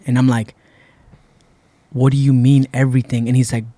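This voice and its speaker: With a mid-range voice and a fairly quick pace, a man from Puerto Rico speaks as a guest in a podcast studio, with no room sound. Relaxed, he narrates a long story, bringing in quoted dialogue and acting out what people said.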